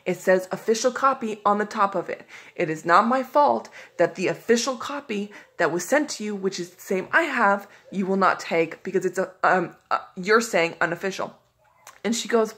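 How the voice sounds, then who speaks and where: A woman talks straight to her audience in a loose, conversational vlog style. Her voice sits at an ordinary middle pitch, and her frustration and exasperation come through as she retells what happened. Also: moderate pace, fairly bright tone, slightly rough. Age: adult. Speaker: vlogger. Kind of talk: casual storytelling to camera.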